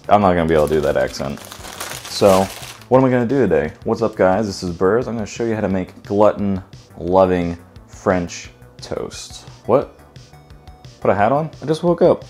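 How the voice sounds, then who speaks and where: A man's voice: lowish voice, a little mellow. A man hosting a casual home cooking video, joking and irreverent as he walks through a recipe in his kitchen.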